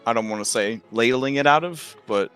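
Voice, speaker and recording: Maître du jeu à la voix claire. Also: male voice, medium pitch, a little fast, fairly bright tone, smooth, faint music behind. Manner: chatty, hesitant, many fillers. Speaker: game master. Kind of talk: narrating a tabletop game.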